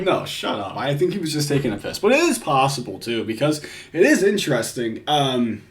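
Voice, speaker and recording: Crude, lively man doing reaction commentary. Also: medium pitch, a little fast. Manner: crude, swearing, laughing often. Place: home.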